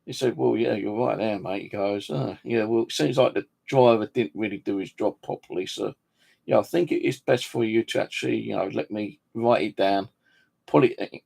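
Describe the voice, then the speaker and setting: A man's voice: fairly low pitch, creaky, darkish tone, breathy edge. A man telling an angry story in a casual monologue, swearing freely and acting out the conversations. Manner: swears freely, indignant, retells dialogue. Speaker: vlogger.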